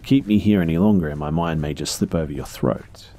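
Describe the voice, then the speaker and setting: A man's voice: very deep voice, brisk, mellow. A man voicing a captive young woman who answers curtly and with hostility. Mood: defiant. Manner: curt and hostile.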